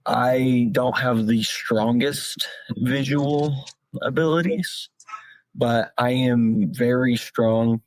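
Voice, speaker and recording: A man's voice: on the low side, no room sound, low-quality recording. A young adult man on a podcast panel, talking in a plain-spoken, slightly hesitant way. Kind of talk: casual chat.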